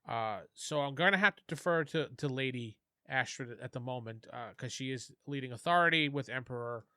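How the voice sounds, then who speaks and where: A man's voice: mid-range voice, fairly quick, bright, forceful tone, clear, resonant tone, no echo, clean studio sound. A man narrating as game master of a tabletop game, chatty with laughing asides.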